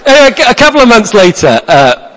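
A male pastor telling a story in a sermon, swinging between loud bursts and hushed asides, with many restarts. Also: fairly low pitch, lively intonation, moderate pace. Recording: long reverb of a large hall.

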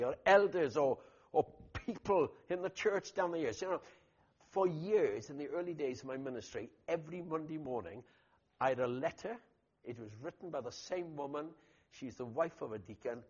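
A man preaching a sermon as pastor, telling stories in an animated way with loud emphatic bursts. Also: medium pitch, husky. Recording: dull lo-fi recording.

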